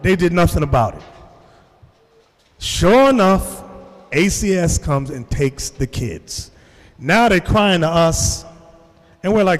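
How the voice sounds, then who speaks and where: In a sermon, a man with a fairly high voice tells stories to his congregation, acting out voices as his pitch swings widely. He speaks slowly with long pauses, and a long reverb trails every word as if in a big hall.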